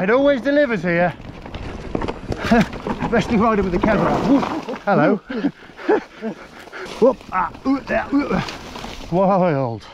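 A guy filming his mountain bike ride with a helmet camera on a wooded hill trail shouts and laughs in unhurried, breathless bursts of excited commentary. His voice is high-pitched, and the muffled audio carries loud trail noise.

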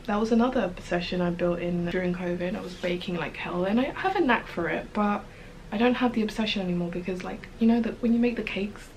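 A young woman chatting casually in a home vlog about a book she loves, gushing and excited, and sometimes dropping to a soft whisper. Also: medium pitch, slight background noise, poor audio. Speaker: book vlogger.

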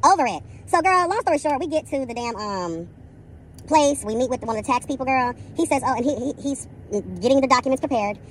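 Sassy, fast-talking woman ranting. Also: high voice, lively intonation, slight background noise. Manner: sassy, profane, dramatic, keeps saying "girl". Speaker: vlogger. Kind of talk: casual storytelling rant.

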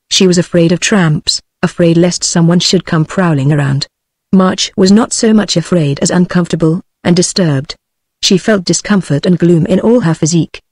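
A synthetic female voice with a British English accent reads a novel aloud, even and measured, like an audiobook narrator. The voice is lowish, and the studio-quality recording has no echo.

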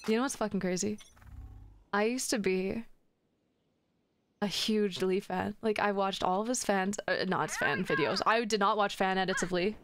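A woman's voice: medium pitch, moderate pace, a bit bright, a little hiss or hum. Giggly, cursing young woman streamer.

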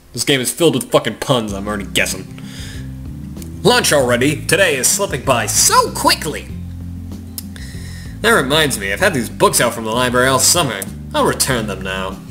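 A man's voice: medium pitch, bright, forceful tone. A man giving sarcastic, profane, rambling commentary while playing through a game. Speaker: gaming commentator. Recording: game music behind.

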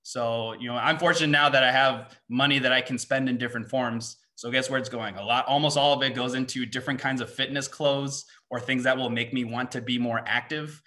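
This seminar speaker and mindset coach is a young man whose mid-range voice stays steady while sounding bright and forceful. Speaking to students, he rattles off rhetorical questions and tags his points with a frequent "right?"

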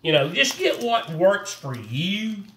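A man's voice: sits high, big pitch swings, slow, a bit bright, reverberant, far from the mic, a little hiss or hum. A man giving a casual, rambling fishing how-to, repeating himself in a folksy way. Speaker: fishing vlogger.

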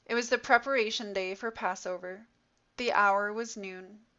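A woman reading a scripture passage aloud in a slow, measured, solemn way, as in a church. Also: mid-range voice, fairly even intonation, bright, forceful tone. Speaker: scripture reader. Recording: dull lo-fi recording.

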